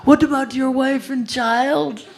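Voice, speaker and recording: Man voicing a panicked friend, shrill, loud and pleading. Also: fairly even intonation, a little slow, gravelly, heavily acted. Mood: frantic pleading. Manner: shrill, pleading, shouted from far off. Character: panicked man screaming for his friend to return.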